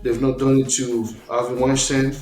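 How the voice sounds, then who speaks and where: A man with a mid-pitched voice speaks as a guest on a casual podcast, in a blunt, worked-up way. He stumbles and restarts his sentences often. His voice rings in an echoey room over faint music. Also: flat delivery, normal speed, a little mellow. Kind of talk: casual chat.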